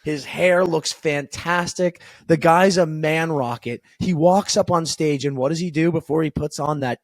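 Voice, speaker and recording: A man co-hosting a casual hockey podcast, telling stories excitedly. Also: on the high side, normal speed, dry recording. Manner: excitable storyteller, swears casually. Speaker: podcast co-host.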